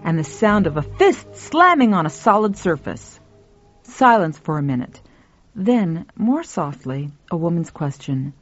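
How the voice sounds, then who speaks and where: Woman reading a story aloud, lots of pitch movement, dull dry audio. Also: a little slow, no echo, soft background music. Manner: expressive reading. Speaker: narrator. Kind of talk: scripted story narration.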